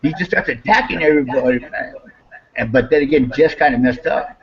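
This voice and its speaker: A man's voice: medium pitch, fairly quick, muffled recording. A man in casual talk telling a story, swearing freely and acting out heated quotes. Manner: animated, swears a lot, acts out quotes with raised voice.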